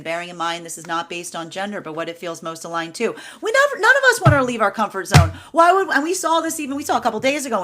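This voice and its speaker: A woman giving a casual tarot energy reading, chatty and repetitive, often tagging sentences with "right?" and swinging between bright emphatic bursts and quiet low stretches. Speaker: tarot reader. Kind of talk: solo tarot reading to camera.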